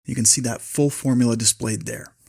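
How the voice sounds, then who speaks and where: Man, husky voice, methodical step-by-step tutorial, mid-pitched. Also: steady tone, a little fast, a little mellow. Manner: methodical, dictating formula step by step. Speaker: spreadsheet tutorial host. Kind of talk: screen-recorded software tutorial.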